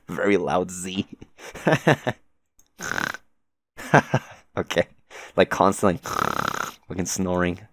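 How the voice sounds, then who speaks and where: A man's voice: low-pitched, expressive, very slow, long pauses, no echo. A young man reading a webcomic aloud and reacting live, swearing, exclaiming and laughing between his remarks. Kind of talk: read-along with live reactions.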